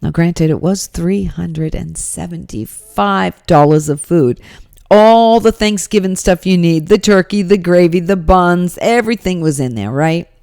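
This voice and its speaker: A woman hosting a podcast, recounting a story with emphatic exasperation. Her voice sits low and mellow in a dry, close recording. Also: unhurried, no echo. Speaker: podcast host. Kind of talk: storytelling monologue.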